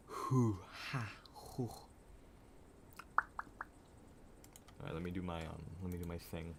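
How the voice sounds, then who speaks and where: A man's voice: deep voice, slow pace, vocal fry, pauses often, very noisy. A young man live-streaming, chatting casually and rambling in a frazzled way straight to his viewers. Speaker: livestreamer.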